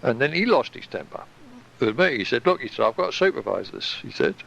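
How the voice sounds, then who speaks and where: A man recounting his past in a recorded reminiscence, animated and casually swearing. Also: medium pitch, a little fast, creaky, lo-fi sound, slight background noise.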